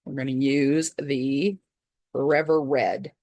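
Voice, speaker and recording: A low-voiced woman with a gravelly edge talks through a craft project step by step. Her chatty tutorial delivery keeps circling back with little asides to the viewer. The sound is close and dry, with no room around it. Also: fairly even intonation, takes it slowly, dark tone, no room sound. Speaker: craft channel host.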